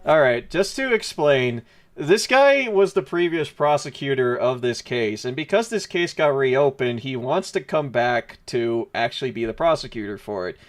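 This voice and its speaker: A man's voice: medium pitch, animated, normal speed. A man streaming a game, commenting crudely and jokingly with lots of swearing.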